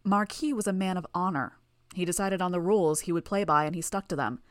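Woman doing a smooth creepy killer guy, calm and mocking, lowish voice. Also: brisk, dry recording, studio quality, natural voice. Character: calm, silver-tongued, menacing male killer.

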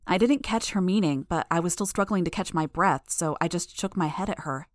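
A woman reading a first-person action novel as an audiobook in a steady, measured way. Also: lowish voice, no echo, clean studio sound. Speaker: audiobook narrator.

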